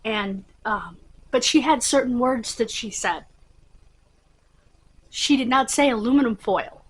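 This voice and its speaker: A woman's voice: on the high side, animated, slow, a bit bright, slight background noise, poor audio. A middle-aged woman hosting her own channel, chatting casually and rambling with many fillers. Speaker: channel host. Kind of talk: casual chat to camera.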